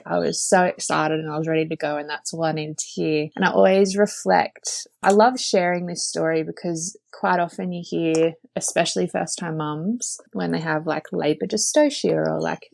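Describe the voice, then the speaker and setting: Gravelly low-voiced woman storyteller. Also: darkish tone, no room sound. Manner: chatty, frequent "like" fillers, earnest. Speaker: podcast guest sharing her birth story. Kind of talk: casual personal storytelling.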